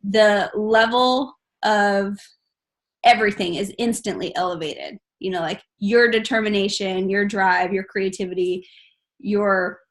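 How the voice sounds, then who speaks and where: A young woman hosting a casual group chat, telling stories in a bubbly, animated way. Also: mid-range voice, unhurried. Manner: bubbly, animated storytelling with laughs.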